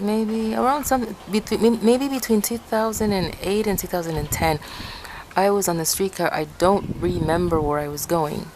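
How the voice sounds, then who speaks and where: A woman's voice: on the low side, background noise. A woman from Ecuador telling a personal story in a chatty, rambling way, correcting herself as she goes. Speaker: vlogger. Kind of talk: casual storytelling.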